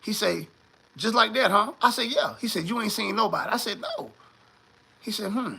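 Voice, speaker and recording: A man, telling a story in a casual, animated and profane way and acting out the other people in it. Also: high-pitched, moderate pace, gravelly, husky.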